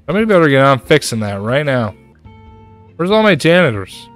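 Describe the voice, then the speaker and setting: A male streamer talks his way through a management game, muttering low one moment and yelping in a high, frustrated voice the next. His pitch sits in a middling range for a man. Faint music plays quietly under his voice. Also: sing-song, fairly quick. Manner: exasperated, jumps to high-pitched outbursts. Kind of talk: gameplay commentary.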